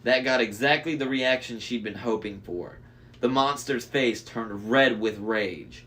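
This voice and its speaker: A man reads a novel aloud in a mid-range voice. He pauses for casual comments and backs up to reread lines after slips. It sounds like a relaxed read-aloud. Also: medium pitch. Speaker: reader.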